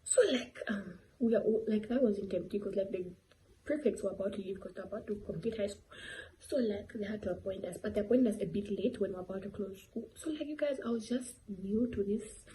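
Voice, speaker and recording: A woman's voice: mid-range voice, warm tone, slight background noise, low-quality recording. A teenage girl vlogging, telling a rambling story full of fillers and giggly asides. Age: late teens. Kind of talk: casual storytelling vlog.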